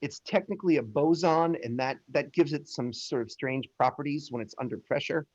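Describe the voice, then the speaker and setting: A man's voice: a little high, a little fast, a little mellow. A man lecturing on astronomy in an online class, informal and jokey, explaining step by step. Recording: dull lo-fi audio.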